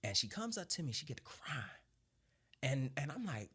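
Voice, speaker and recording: A man in his thirties, a former Marine sergeant, telling his story in conversation with animated energy, frequent laughs and casual swearing. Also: medium pitch, moderate pace, slightly rough.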